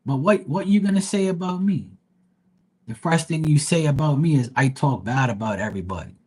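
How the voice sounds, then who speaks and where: A man's voice: on the high side, lively intonation, a little fast, mellow, slightly rough. A man reading tarot live, telling a story in a blunt, heated rant and cursing freely. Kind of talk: ranting livestream monologue.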